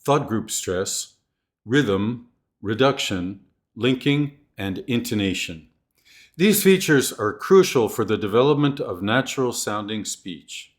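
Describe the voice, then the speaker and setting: A man narrating a scripted video on teaching pronunciation, speaking in a clear, deliberate, instructional way. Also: mid-range voice. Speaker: ESL teacher trainer.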